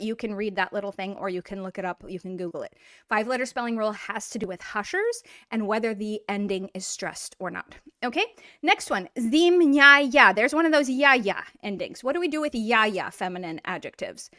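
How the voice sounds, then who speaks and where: A woman teaching a language lesson in a casual, explanatory way, repeating words slowly to model pronunciation. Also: on the high side, fairly bright tone, no echo, clean studio sound.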